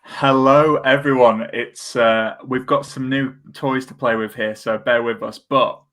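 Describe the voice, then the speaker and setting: A man's voice: medium pitch, steady tone, unhurried, fairly bright tone. A man co-hosting a casual football podcast, chatty and self-deprecating, with lots of fillers. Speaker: podcast co-host.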